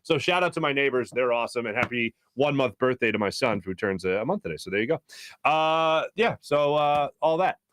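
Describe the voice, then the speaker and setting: Energetic sports radio host, dry studio sound. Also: male voice, medium pitch, fairly quick, dry recording. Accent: Philadelphia. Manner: rambling storyteller, energetic, many restarts. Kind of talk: casual sports talk show monologue. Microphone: studio microphone.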